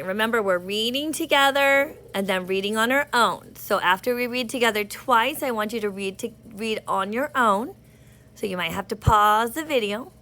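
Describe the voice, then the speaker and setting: A woman teaching an early reading lesson, slowly sounding out words for young children. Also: on the high side, pushed and bright. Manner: slow, patient, sounding out words, speaks to kids.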